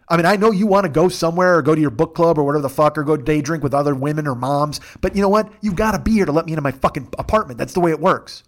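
A man's voice: a little high, lively intonation, fast. A middle-aged man hosting a comedy podcast, ranting through a long profane story with self-mocking asides.

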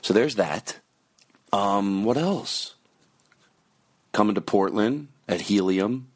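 A man's voice: on the low side, slow pace, husky, no room sound, clean studio sound. A man hosting his podcast, rambling through plugs and announcements in a loose, self-mocking way. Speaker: podcast host. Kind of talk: casual podcast intro.

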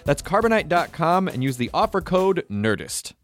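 A man hosting a podcast, reading an ad and chatting in a rambling, jokey way with quick restarts. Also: on the high side, sing-song. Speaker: podcast host. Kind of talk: casual chat and live-read ad.

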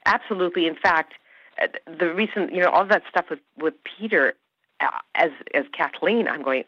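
A low-pitched woman speaking at normal speed, without echo, is the guest in this easygoing interview. The actress, brought up in Canada with Hungarian as her first language, is effusive and laughs a great deal, and the podcast recording sounds dry and slightly dull.

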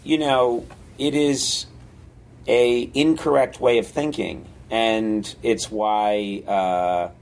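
An older man, a comedy writer and guest, talking casually with many fillers and animated storytelling. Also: mid-range voice, very slow, rough recording. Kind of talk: casual conversation.

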